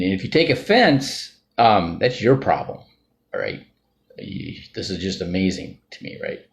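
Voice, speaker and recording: A man talking off the cuff in a rambling monologue, often ending sentences with "right?" or "all right?". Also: low voice. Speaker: financial group member sharing views. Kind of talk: casual unscripted monologue.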